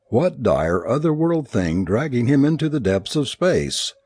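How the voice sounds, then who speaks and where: A man narrating a first-person story aloud in a dramatic, expressive reading. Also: medium pitch, a little slow, slightly rough, dry recording, clean studio sound. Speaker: audiobook narrator.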